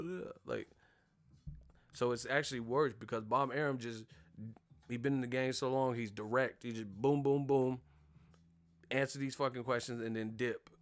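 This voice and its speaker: A man's voice: mid-range voice, normal speed, clear, resonant tone, dry recording. A young man hosting a boxing live stream, ranting casually and profanely and slipping into impressions of the people he talks about. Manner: animated, profane, mimics others mid-rant. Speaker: boxing show host.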